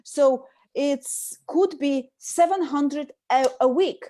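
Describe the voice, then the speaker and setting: High-voiced Russian-accented woman coach. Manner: fast, emphatic, energetic, coaching tone. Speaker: transformation coach, co-host. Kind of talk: casual video chat.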